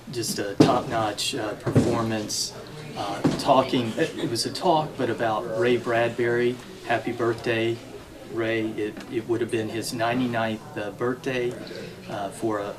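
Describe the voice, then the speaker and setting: Brief: male interview host, halting phrasing, clear chatter of a crowd behind him. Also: mid-range voice, poor audio. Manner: halting, many fillers and restarts. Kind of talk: interview conversation.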